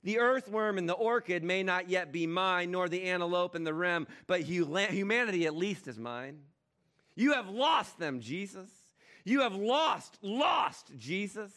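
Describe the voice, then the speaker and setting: A man voicing a cynical male devil, raising his voice into a higher, mocking tone during a sermon reading. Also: lively intonation, unhurried, fairly bright tone. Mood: taunting. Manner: taunting, mocking.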